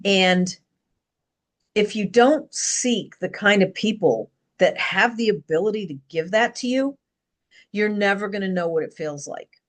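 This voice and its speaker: A middle-aged woman talking to camera in an earnest, rambling personal monologue, pausing and restarting as she goes. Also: mid-range voice, expressive. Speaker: vlogger.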